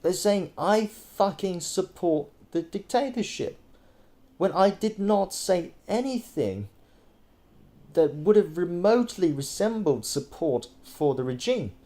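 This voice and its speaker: A man from Thailand with a high, expressive voice and a dark tone speaks at a slow pace. Working as a political commentator, he talks indoors over a screen recording, offering casual, exasperated, profane commentary riddled with fillers and restarts.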